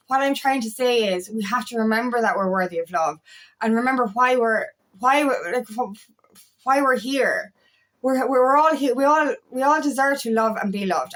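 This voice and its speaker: A woman's voice: fairly high pitch, moderate pace. Frank swearing woman coach. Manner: frank, swears freely, repeats herself. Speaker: feminine empowerment coach. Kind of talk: casual motivational monologue.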